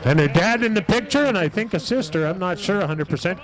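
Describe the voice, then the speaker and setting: A man's voice: sits high, lively intonation, fast, low-quality recording. A man announcing a race live, chatty and full of praise for the winner.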